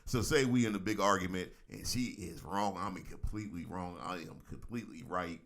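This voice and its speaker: A middle-aged man, a reverend co-hosting a talk show, telling stories in a casual, animated way with frequent laughs. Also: low-pitched, brisk. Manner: animated storyteller, laughs often, acts out voices. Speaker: co-host, reverend. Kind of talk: casual chat.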